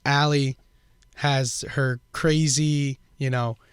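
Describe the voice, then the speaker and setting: A man's voice: mid-range voice, steady tone, takes it slowly, clean tone, no echo, studio quality. A young man co-hosting a podcast, talking casually and slangily about a film. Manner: casual, slangy, hesitant restarts. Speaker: podcast co-host.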